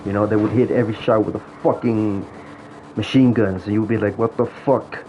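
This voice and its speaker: A man who vlogs about gaming reminisces about an online game in a profane, casual rant. He speaks briskly, his voice on the low side with fairly even intonation, and the recording is dull and lo-fi with faint noise.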